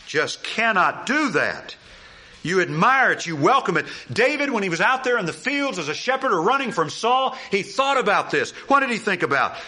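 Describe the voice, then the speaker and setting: Guy preaching a sermon, bright tense voice, pitch jumps all over, lots of rhetorical questions. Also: normal speed. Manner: animated preaching, rhetorical questions, emphatic repetition. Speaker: pastor.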